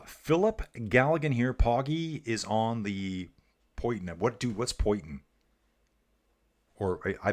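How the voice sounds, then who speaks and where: A man hosting a casual livestream, giving race commentary and reading viewer comments aloud in a chatty, joking way. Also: medium pitch.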